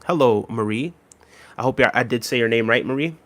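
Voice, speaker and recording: A young adult man streaming live, reading viewer chat with an easygoing manner, many ums and friendly shout-outs. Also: medium pitch, brisk.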